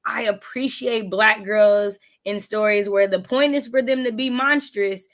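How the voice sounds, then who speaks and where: A woman hosting a casual book discussion, animated and laughing as she acts out her own reactions. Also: medium pitch, measured pace. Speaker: readathon host. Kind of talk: casual video-call book chat.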